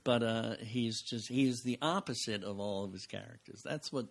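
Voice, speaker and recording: An older man, a podcast guest recorded at home, telling animated anecdotes, acting out the voices of people he quotes and laughing often. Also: mid-range voice, moderate pace, creaky. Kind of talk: casual anecdotal storytelling.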